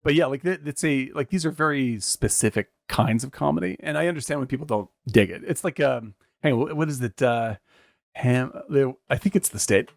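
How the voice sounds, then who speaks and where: A man with a gravelly, creaky voice chatting on a movie podcast. He rambles through his thoughts, laughs easily and swears freely. The sound is dry and close. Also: mid-range voice, fairly quick, dry recording. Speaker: podcast co-host. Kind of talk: casual movie podcast chat.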